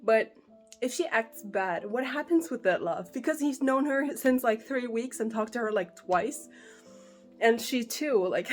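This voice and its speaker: A woman giving her reactions in a casual book vlog, animated and exasperated, laughing often and swearing, recorded on a phone held at arm's length. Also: fairly high pitch, a little slow, faint music behind. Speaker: book vlogger.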